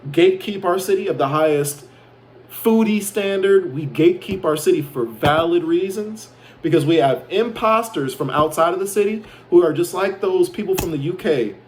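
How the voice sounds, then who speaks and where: A man's voice: sits high, moderate pace, a little hiss or hum. A man from Chicago boasting and ranting in a rambling casual monologue, swearing freely. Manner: boastful, profane, defiant. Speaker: self-proclaimed prophet vlogger.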